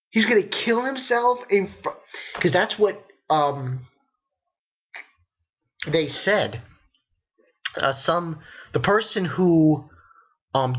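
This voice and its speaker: Excitable, profane young man reviewing anime. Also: breathy edge, dull audio. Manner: excitable and profane, rambling, jumps into shrill disbelief. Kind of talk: casual webcam review rant.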